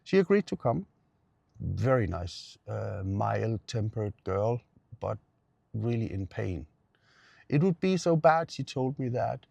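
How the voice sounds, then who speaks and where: Gravelly middle-aged man telling a story. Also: fairly low pitch, sing-song, takes it slowly, warm tone, no echo. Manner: earnest, repeats phrases for emphasis. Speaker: pain therapist. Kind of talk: personal storytelling.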